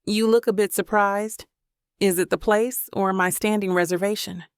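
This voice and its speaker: A woman's voice: medium pitch, fairly even intonation, normal speed, smooth, no room sound, clean studio sound, close to an everyday voice. A woman voicing a confident, wealthy young man who likes to spoil his date, in a romance audiobook. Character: confident wealthy young businessman, smooth charmer.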